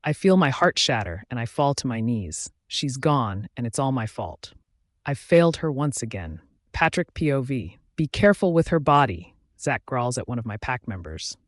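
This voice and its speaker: A man narrating a werewolf romance audiobook in the first person, reading in a steady, dramatic way. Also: mid-range voice, moderate pace, no echo, studio quality.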